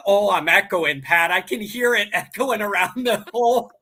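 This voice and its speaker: Guy host yelling about football outside at night, high bright voice all over the place, no real mic. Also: moderate pace, slightly rough. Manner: excitable, yelling, chanting. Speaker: show host. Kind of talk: loud casual sports chat. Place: outdoors by a golf course at night. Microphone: no proper microphone.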